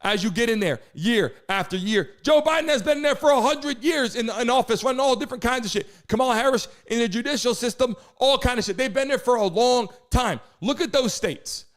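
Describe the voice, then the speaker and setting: A man's voice: extremely high pitch, animated, brisk, hardly any pauses. A man from New Jersey hosting a live political talk show, ranting in an indignant, profane way. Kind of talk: heated live-stream commentary.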